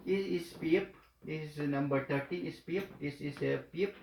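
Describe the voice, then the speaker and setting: Man, very slow lesson, halting with fillers, echoey room. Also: on the high side, creaky, darkish tone, slight background noise. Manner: halting, many fillers, repeats each phrase. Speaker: language teacher.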